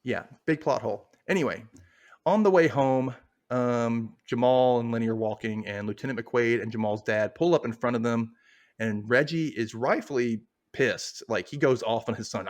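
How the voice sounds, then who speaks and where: A man's voice: medium pitch, normal speed. A man hosting a podcast, casually retelling a TV episode with lots of fillers and asides. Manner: loose, rambling retelling with many fillers. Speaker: podcast host recapping a TV episode. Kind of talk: casual recap chat.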